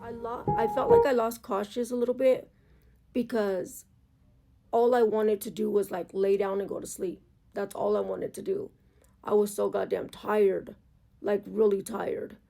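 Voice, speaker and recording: Gravelly-voiced woman vlogging candidly. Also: medium pitch, little pitch movement, unhurried, mellow. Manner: candid, emotional, rambling confessional talk. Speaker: motorcycle vlogger. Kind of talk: casual vlog monologue.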